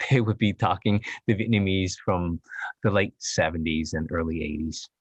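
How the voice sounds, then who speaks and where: A man who is an actor, speaking English as a later language, chatting as a podcast guest in a rambling, halting way with frequent laughs. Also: deep voice, fairly even intonation, no room sound. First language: Chinese dialect. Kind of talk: casual interview chat.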